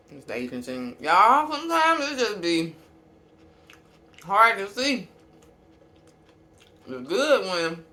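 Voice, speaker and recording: A woman who runs a small business, chatting candidly to camera while eating, with long pauses and fillers. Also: on the low side, sharp tone. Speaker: small business owner and vlogger. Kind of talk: casual mukbang chat to camera.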